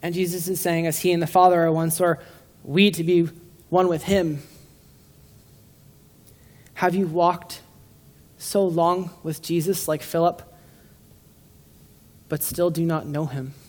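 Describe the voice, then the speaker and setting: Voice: mid-range voice, little pitch movement, a little slow, pauses often, darkish tone. A preacher giving an informal, joking sermon to a room of listeners, often stumbling and restarting phrases. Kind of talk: casual conversational sermon. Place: room with a live congregation.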